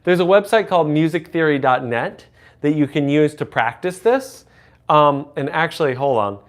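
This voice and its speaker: A man hosting a casual livestream, teaching relative pitch by humming and singing intervals and chatting with viewers. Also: expressive, normal speed. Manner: hums and sings intervals to demonstrate; chats with viewers. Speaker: livestream host and music teacher.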